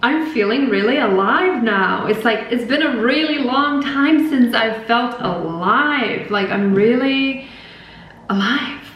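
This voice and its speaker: A woman hosting a podcast, talking in a casual, rambling and animated spiritual monologue with lots of fillers. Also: on the high side, slow, lo-fi sound. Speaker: podcast host. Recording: very echoey room.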